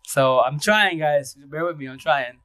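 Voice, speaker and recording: A man hosting a casual live stream, talking fast and rambling, with restarts and repeated words. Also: a little high, bright, forceful tone, clean tone, dry recording. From Seattle area. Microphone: phone.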